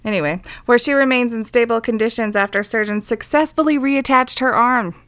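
A woman's voice: fairly high pitch, brisk, a bit bright. A woman co-hosting a casual podcast, reading a crime story aloud and breaking off with blunt, irreverent asides. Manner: irreverent, swearing, reads news then jokes. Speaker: podcast co-host.

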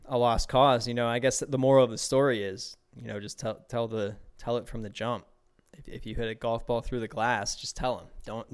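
Brief: young male podcast host from Pittsburgh, loose profane storytelling, clear smooth voice of middle pitch. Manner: rambling, profane, laughs a lot, repeats words. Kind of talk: casual solo podcast monologue.

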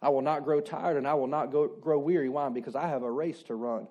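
A man's voice: on the high side, steady tone, brisk, mellow, muffled recording. A man preaching a sermon in a conversational way, asking rhetorical questions and repeating his key declarations. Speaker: pastor.

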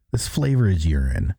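A man's voice: deep voice, vocal fry, dark tone, breathy edge. A man co-hosting a podcast, chatting casually and trading crude, joking banter. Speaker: podcast co-host. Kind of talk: casual chat.

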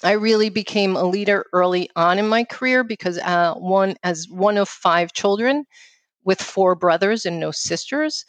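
Outspoken New York woman, quick talker. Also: mid-range voice, no echo. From New York City. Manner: outspoken, quick, lots of "you know". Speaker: guest. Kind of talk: casual interview conversation.

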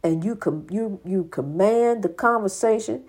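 A woman's voice: mid-range voice, a little slow, a little mellow, husky. An older woman giving an informal, preaching monologue, repeating her points with emphasis in a folksy way. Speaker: spiritual speaker.

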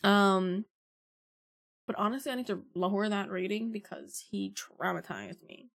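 A woman's voice: mid-range voice, a little slow, gravelly, a bit bright. A woman in her early twenties, a podcast host telling stories in a blunt, casual way with heavy swearing. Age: early 20s. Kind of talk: casual storytelling.

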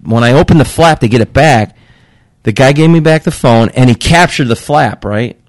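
A man on a casual podcast chat, telling a work story with lots of swearing and lively retellings of what people said. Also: medium pitch, normal speed, dry recording, clean studio sound. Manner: profane, animated storytelling, acting out quotes.

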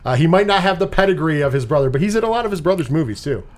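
A man with a fairly high voice hosts a movie podcast in a loose, chatty way. He swears freely and laughs along with his friends. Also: expressive, very fast. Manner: laid-back, swears often, laughs along. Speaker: podcast host. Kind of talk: casual movie review chat.

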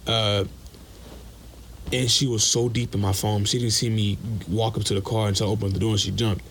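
A man's voice: on the low side, little pitch movement, a little fast, fairly bright tone, slight background noise. A young man calling in, bluntly telling a personal story in slangy speech. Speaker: caller.

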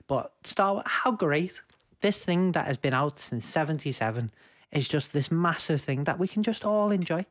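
A man's voice: a little high, animated, moderate pace, few pauses, a bit bright. A young man co-hosting a casual podcast, talking in an enthusiastic, jokey, rambling way on a home mic over a video call. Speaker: podcast co-host. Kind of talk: casual chat.

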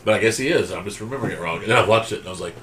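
A man's voice: fairly low pitch, very fast, fairly bright tone. A man on a movie podcast, rambling casually and hedging his points. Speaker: podcast co-host. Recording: roomy sound from off-mic with faint background noise.

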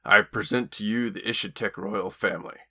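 A man's voice: lowish voice, fairly even intonation, brisk, bright, forceful tone. A man voicing a cruel, one-eyed alien warrior who speaks in a menacing growl.

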